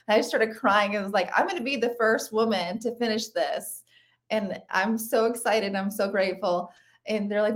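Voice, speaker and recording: A woman's voice: mid-range voice, steady tone, brisk. A woman in her thirties talking casually as an interview guest, chatty and full of "like" fillers, often laughing as she talks. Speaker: interview guest, ultra runner.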